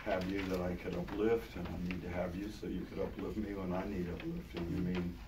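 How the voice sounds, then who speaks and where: An older man with a low, hoarse voice preaches in a relaxed, conversational way, leaning on repeated words for emphasis. He is heard from some distance in a roomy, echoing church hall. The recording carries a clear layer of background noise. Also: fairly quick. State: hoarse, voice partly gone. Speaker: pastor. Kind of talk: sermon. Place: large church hall with congregation. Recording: echoey hall, taken from far off, noisy.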